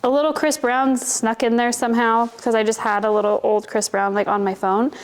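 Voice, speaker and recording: A woman co-hosting a podcast in casual chat, telling stories in an animated, self-mocking way and laughing often. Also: on the high side, fairly quick. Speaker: podcast co-host.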